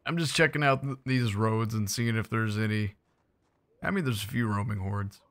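A man's voice: on the low side, moderate pace, a bit bright. A young man giving casual, playful commentary while playing a survival game, chatting to his viewers with jokey asides. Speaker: gaming YouTuber.

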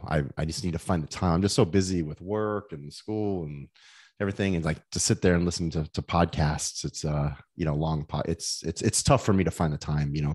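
A man's voice: extremely low pitch, darkish tone, breathy edge. A middle-aged man, a former wrestler on a podcast, telling rambling stories with many restarts. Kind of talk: casual storytelling.

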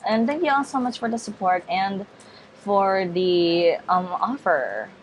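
Unhurried and lively in intonation, a medium-pitched female gaming vlogger chats about a game amid slight background noise. She stumbles through many fillers and self-corrections, apologizing and repeating polite refusals as she rambles.

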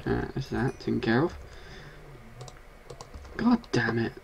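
A man talks through his game session at a mid-pitched, everyday register, quick to exclaim and grumble at creatures that threaten his house. The keys of a keyboard tap faintly behind him as he plays. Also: gravelly, noisy background. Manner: excitable, swears and scolds game monsters. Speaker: gaming video host. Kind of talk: casual gameplay commentary.

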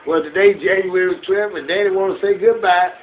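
A man chats casually with his father, teasing him with coaxing questions and laughing often. His voice sits a bit high for a man. The sound is narrow and phone-like. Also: fairly quick, slight background noise. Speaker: son filming his father. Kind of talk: casual family video chat.

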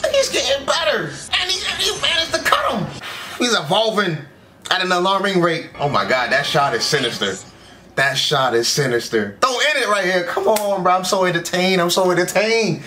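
A man giving casual, excitable reaction commentary as an anime reaction YouTuber, full of slang and quick exclamations. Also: high-pitched, a little hiss or hum. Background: anime episode audio with music.

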